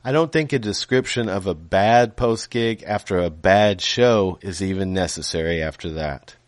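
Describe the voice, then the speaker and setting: A man reading his own novel aloud in a measured way, with small self-corrections and casual asides. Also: low voice, dry recording, clean studio sound.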